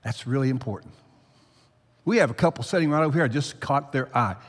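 A man preaching a sermon to his congregation, climbing loud for emphasis and then dropping low. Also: quick pace. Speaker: pastor. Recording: long hall reverb.

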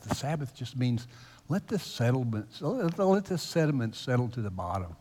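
A male pastor giving a conversational, teasing sermon in a church, his voice swinging between loud emphasis and hushed asides. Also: medium pitch, sing-song, moderate pace. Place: church sanctuary. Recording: long reverb of a large hall.

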